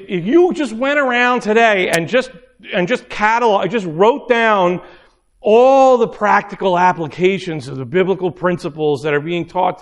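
Guy preaching a sermon, high voice, gets animated and does little character bits. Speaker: pastor.

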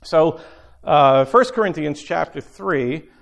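A man's voice: on the high side, animated, takes it slowly, vocal fry. A middle-aged man preaching an informal sermon, talking conversationally and repeating phrases for emphasis.

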